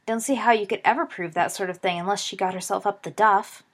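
A woman's voice: mid-range voice, fast, lightly acted. Pettigrew, a woman reading a blunt teenage boy.

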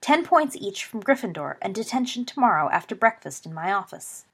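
A woman's voice: mid-range voice, very animated, a little fast, fairly bright tone, husky, full character voice. A woman voicing a portly older male professor who speaks sharply and formally, in an audiobook story. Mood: stern.

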